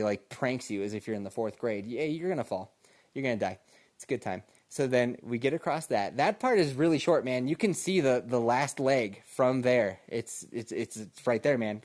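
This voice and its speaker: A man's voice: medium pitch, darkish tone. A podcast host, a man, telling a casual, laid-back story, laughing often and calling listeners "man".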